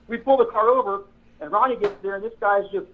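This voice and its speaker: A man's voice: sits high, fairly quick, slight background noise. Rambling man on a tinny line. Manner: rambling, self-correcting, laughs while telling stories. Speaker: podcast host, former police officer. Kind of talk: casual storytelling chat.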